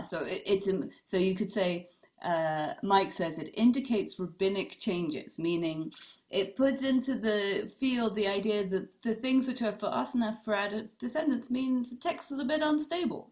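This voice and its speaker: A woman's voice: mid-range voice, expressive, moderate pace. A woman rabbi leading a casual online study class, thinking aloud with fillers and reading out participants' comments. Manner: thoughtful, many fillers and restarts, reads out participants' comments. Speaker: rabbi teaching a study session.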